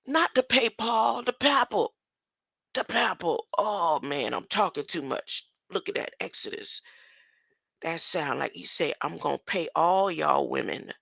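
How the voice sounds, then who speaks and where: Older speaker, solo rambling talk, slow and gravelly, bright edge, reads verses and argues back. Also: mid-range voice, no room sound. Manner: laughs often and keeps asking "huh?"; reads verses aloud then argues with them. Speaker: self-styled scripture commentator.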